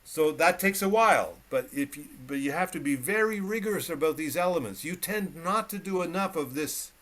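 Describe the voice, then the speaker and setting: A man's voice: on the high side, animated, fairly quick, fairly bright tone, slight background noise. A man teaching piano on a video call, coaching a student emphatically and repeating short cues as he demonstrates. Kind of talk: one-on-one instruction. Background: piano playing.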